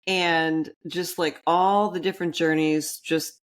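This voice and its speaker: Woman, low register, business coach type; easygoing podcast talk, drifts into asides. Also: fairly even intonation. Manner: rambling with quick restarts and asides. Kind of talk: casual podcast chat.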